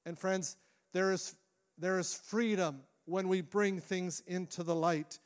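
A middle-aged man, a lead pastor, preaching a sermon in a church with earnest delivery, restarting phrases and shifting between quick and slow phrasing. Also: high voice, steady tone, clear, resonant tone. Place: church sanctuary.

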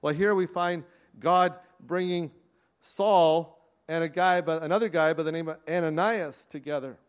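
A man's voice: fairly high pitch, moderate pace. A man preaching as a pastor in a conversational sermon, earnest and often restarting his sentences.

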